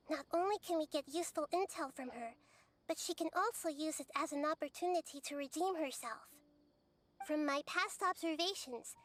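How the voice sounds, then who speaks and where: Calm little girl goddess, gentle and wise, light high voice, game dub.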